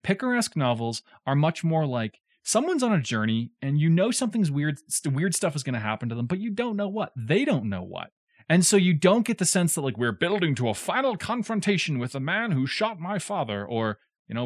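Animated man explaining a book. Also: a little high, a little fast, no room sound, clean studio sound. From southern United States. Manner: animated, digressive, joking asides. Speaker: podcast co-host explaining a classic novel. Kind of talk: casual explanatory chat.

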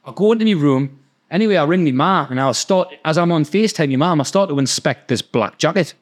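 A man with a Geordie accent telling a long, animated story in casual chat, swearing freely and acting out the other people's voices. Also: a little high, fast. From North East England. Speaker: podcast guest storyteller.

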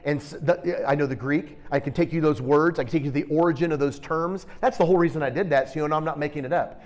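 A man preaching a sermon, shifting between quiet storytelling and loud, emphatic, direct challenges to his listeners. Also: a little high, quick pace, few pauses. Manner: intense, direct, challenging delivery.

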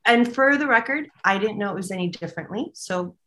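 A woman's voice: medium pitch, expressive, brisk, bright, forceful tone. A woman co-hosting a casual spiritual chat, relaying messages she hears and laughing often. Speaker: co-host and medium.

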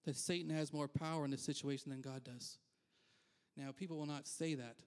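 Brief: male pastor, fairly high voice, candid chatty sermon with asides. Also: steady tone, a little fast, darkish tone, clean tone. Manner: candid, self-deprecating, frequent asides. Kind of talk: conversational sermon.

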